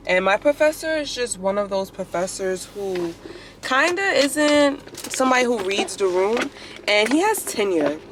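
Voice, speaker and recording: A woman's voice: on the high side, background noise. A young woman telling stories in a chatty, opinionated way in a casual vlog, with lots of "like". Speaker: vlogger.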